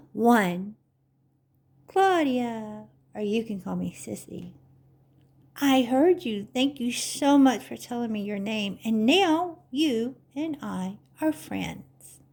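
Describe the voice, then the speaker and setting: A woman leads a children's story time, talking warmly and patiently to little listeners. She speaks slowly, with a touch of gravelly fry in her voice. Her manner is encouraging and teacherly. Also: fairly high pitch. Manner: gentle, slow and encouraging, like a teacher.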